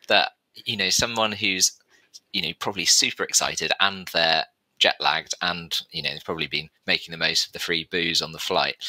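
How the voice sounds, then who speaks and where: A man, an expedition medic, talking in a relaxed, reflective way on a podcast and laughing along. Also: deep voice, dry recording, rough recording. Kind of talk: casual conversational podcast.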